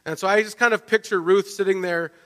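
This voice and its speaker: Male pastor, sermon, animated storytelling, high pitch, long hall reverb. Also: fast talker. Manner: animated storytelling, with frequent restarts and "right?" asides.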